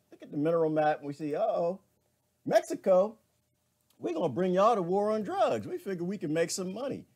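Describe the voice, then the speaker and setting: A man hosts a casual live stream, greeting viewers by name. His pitch rises and falls a lot as he talks. He laughs often and keeps it loose and chatty. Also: warm tone.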